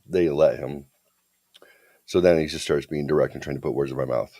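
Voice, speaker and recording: Deep-voiced man telling a story. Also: fairly quick, no echo, clean studio sound. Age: middle-aged. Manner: animated, swearing, mimics others in quotes. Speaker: podcast host. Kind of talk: casual storytelling chat.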